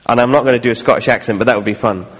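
A man's voice: medium pitch, steady tone, racing, long reverb tail. A man preaching a sermon in a conversational way, with jokey asides between readings. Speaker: pastor.

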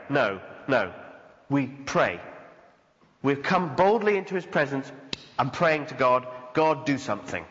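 A man's voice: medium pitch, big pitch swings, unhurried, a bit bright. A man preaching a sermon as pastor, earnest and conversational, acting out the voices he quotes. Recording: dull sound with long hall reverb.

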